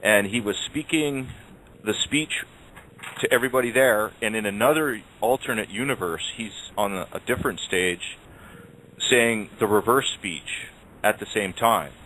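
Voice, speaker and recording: Man, low pitch, rambling casual chat, restarts, light background noise. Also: pushed and bright, rough recording. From Canada. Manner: rambling, halting with many restarts. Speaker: radio show regular.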